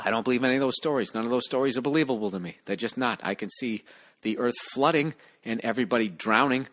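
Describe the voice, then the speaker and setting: A man's voice: medium pitch, fast, fairly bright tone. Profane, exasperated man ranting. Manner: profane, exasperated, reading a listener email. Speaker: podcast host. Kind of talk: comedic podcast rant.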